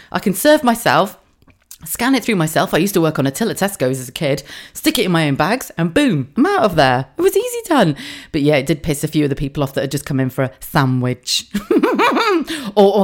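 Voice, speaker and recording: Low-voiced, sweary chatty woman. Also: expressive, quick pace, darkish tone. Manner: chatty, sweary storytelling with frequent laughs. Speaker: podcast host. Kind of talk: casual monologue.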